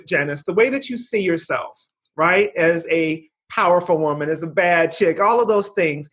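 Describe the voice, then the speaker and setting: A woman hosting a podcast interview, affirming and encouraging her guest, with frequent small laughs. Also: mid-range voice. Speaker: podcast host. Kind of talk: conversational interview.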